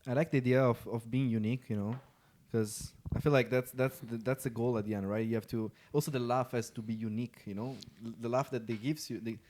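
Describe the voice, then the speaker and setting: A man's voice: mid-range voice, steady tone, fast, hardly any pauses, a little mellow, a little hiss or hum. Man thinking aloud on a podcast. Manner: thinks aloud, repeats words. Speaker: podcast host. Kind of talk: casual podcast chat.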